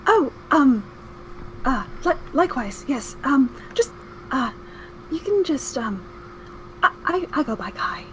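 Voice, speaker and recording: High-pitched woman rpg player, bouncy voice, stammers a lot. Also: very animated, slow pace, pauses often, a little hiss or hum, low-quality recording. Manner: flustered, stammering. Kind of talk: in-character tabletop role-play.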